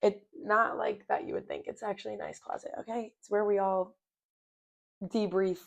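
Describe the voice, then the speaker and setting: A woman's voice: mid-range voice, steady tone, moderate pace, gravelly, dull audio. A young adult woman hosting a podcast, telling a personal story in a candid, rambling way with self-mocking humor. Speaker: podcast host. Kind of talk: casual personal storytelling monologue.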